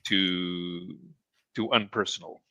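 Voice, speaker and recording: A man hosting a casual livestream hangout, talking in a hesitant, halting way with many restarts. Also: deep voice, steady tone, pushed and bright. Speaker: stream host.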